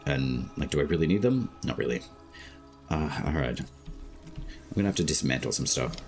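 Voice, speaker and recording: Very deep-voiced Australian man streaming. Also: lively intonation, faint music behind. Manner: slow, laid-back talk with many "like" fillers. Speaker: game streamer. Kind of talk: casual live-stream chat.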